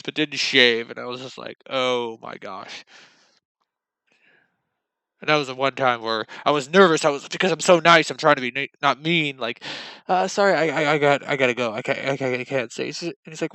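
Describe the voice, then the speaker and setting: Bright rambling young man telling stories. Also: mid-range voice, moderate pace, clear, resonant tone, no echo. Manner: rambling, self-mocking, acts out quotes. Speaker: vlogger. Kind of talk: casual storytelling monologue.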